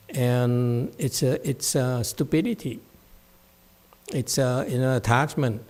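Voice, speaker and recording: A man's voice: mid-range voice, dark tone. A man giving a Buddhist dharma talk at a temple, blunt and scolding, mocking his students' whining. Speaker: meditation teacher.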